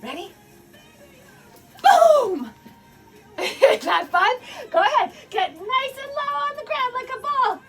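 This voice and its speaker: Very high, pushed and bright, this woman's voice moves at a moderate pace with hardly any pauses as she leads a children's movement storytime from her home basement. Playful and encouraging, she laughs often and makes animal sounds over faint background music.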